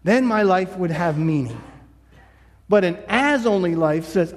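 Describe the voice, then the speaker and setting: A man delivers a sermon with a high voice in a lingering, echoing church hall. He preaches conversationally and acts out short quoted lines along the way. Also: animated, a little slow. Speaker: pastor. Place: church sanctuary.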